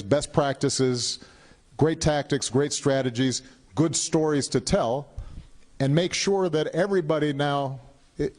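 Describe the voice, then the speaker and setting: Man, 50s, town hall Q&A, halting, repeats words, thoughtful pauses, large hall. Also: mid-range voice, a little mellow. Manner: halting, measured, repeats words while thinking. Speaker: speaker answering audience questions.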